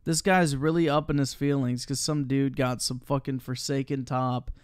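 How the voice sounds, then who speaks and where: A man's voice: medium pitch, flat delivery, moderate pace, clear, resonant tone, dry recording, studio quality. A man reacting live to a commentary video, blunt, scornful and swearing constantly. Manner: blunt, scornful and heavily profane.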